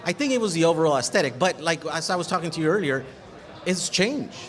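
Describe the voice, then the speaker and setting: A man's voice: fairly high pitch, animated, fast talker, fairly bright tone. A man speaking as a guest in casual chat at a live event, frank and chatty, laughing often. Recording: crowd chatter behind.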